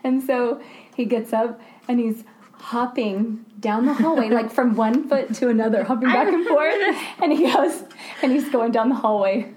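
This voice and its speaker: A woman who teaches kindergarten, chatting with colleagues on a casual podcast. She talks quickly and easily and laughs along with her own stories. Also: fairly high pitch, a little mellow. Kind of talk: casual chat, storytelling.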